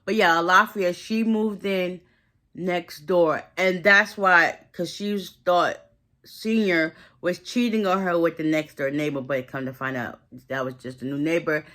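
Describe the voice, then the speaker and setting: A woman's voice: fairly low pitch, steady tone, a little slow, a bit bright. A woman casually recapping a movie plot in a chatty, slangy way, acting out the characters' lines as she goes.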